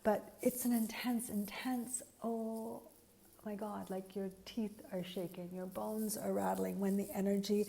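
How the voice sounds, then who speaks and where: A woman's voice: medium pitch, flat delivery, measured pace, creaky, mellow, slight background noise. A woman giving an earnest, reflective spiritual talk, searching for words with frequent fillers and restarts. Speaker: spiritual teacher.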